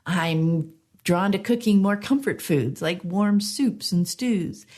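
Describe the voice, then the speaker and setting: A woman hosting a podcast with a gentle, measured delivery, her voice slightly hoarse as if she has a frog in her throat. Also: fairly low pitch. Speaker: podcast host. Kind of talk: podcast intro and interview.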